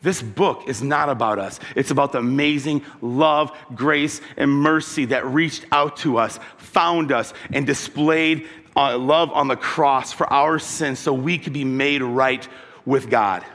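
A man preaching to his congregation in a plain, mid-pitched voice, moving easily from scripture to stories from his own week. He talks to the listeners directly and asks them questions. His voice carries a long reverb, as if he is speaking in a large church hall. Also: measured pace, fairly bright tone. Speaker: pastor. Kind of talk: sermon.

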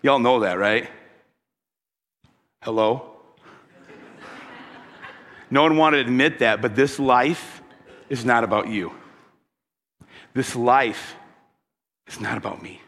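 A man's voice: medium pitch, slow pace, long pauses, a bit bright. Man preaching a story-filled sermon in a reverberant hall. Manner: conversational preaching with personal stories, asks the congregation questions. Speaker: pastor.

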